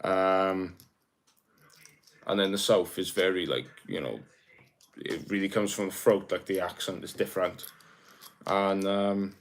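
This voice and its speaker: A young South Welsh man hosts a livestream, chatting casually and reading viewer comments aloud in a relaxed, rambling manner. His voice is deep and unhurried, with frequent pauses.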